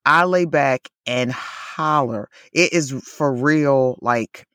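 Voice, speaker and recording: A woman's voice: a bass voice, takes it slowly, fairly bright tone, no room sound, clean studio sound. A woman co-hosting a podcast in casual chat, full of "like" and "you know", laughing often. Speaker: podcast co-host.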